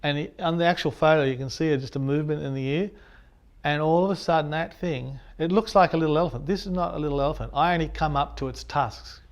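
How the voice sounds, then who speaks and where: A photographer telling an animated anecdote, acting out the sounds and his own reactions as he goes. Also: on the high side, fast. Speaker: landscape photographer. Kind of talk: storytelling anecdote.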